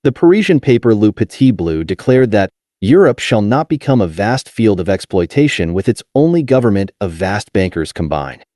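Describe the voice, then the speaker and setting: A man narrates a nonfiction history audiobook in a low, warm voice. His pitch moves expressively from phrase to phrase, and his reading stays measured and steady. The sound is dry and close. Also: dry recording.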